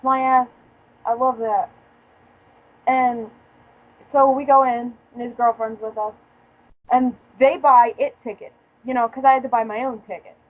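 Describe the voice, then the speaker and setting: A woman's voice: on the high side, little pitch movement, normal speed, pauses often, phone-quality sound. Profane, joking young woman telling stories. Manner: profane, joking storyteller who laughs often. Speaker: podcast host. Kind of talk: casual chat.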